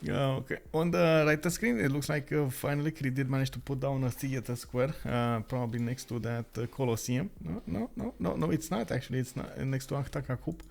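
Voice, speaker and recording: Excitable male esports caster, quick talk. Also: mid-range voice, vocal fry. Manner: excited, quick, many filler sounds. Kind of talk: live strategy game commentary.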